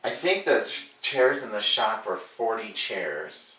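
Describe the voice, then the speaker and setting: A man's voice: lowish voice, unhurried, recorded from a distance. A man, a hairdresser, telling a story in a casual, profane way and acting out the quotes, recorded in an echoey room away from the mic. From Alaska. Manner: animated, profane, acts out quotes.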